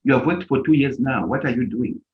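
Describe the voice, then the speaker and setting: A man's voice: mid-range voice, a little fast. A man giving an informal motivational talk on a live stream, emphatic and repetitive as he tells stories. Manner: animated, emphatic storytelling with repetitions. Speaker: live stream speaker advising volunteers. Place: lives in Germany. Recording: dull lo-fi live stream audio.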